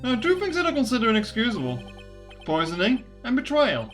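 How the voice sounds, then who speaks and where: A woman's voice: on the high side, huge pitch swings, brisk, soft background music. A woman voicing an earnest young male defense lawyer who questions and persuades. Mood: probing.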